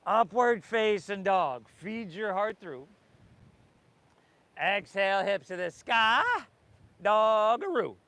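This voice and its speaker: A man's voice: high-pitched, takes it slowly, long pauses, bright, forceful tone, no echo. A man teaching an outdoor yoga class, giving encouraging cues and breathing instructions to the group. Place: outdoors by the ocean.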